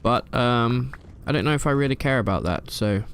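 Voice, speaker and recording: A man's voice: medium pitch, normal speed, fairly bright tone, slight background noise. A man chatting casually while streaming a game live from his room at home, rambling and answering chat with plenty of fillers.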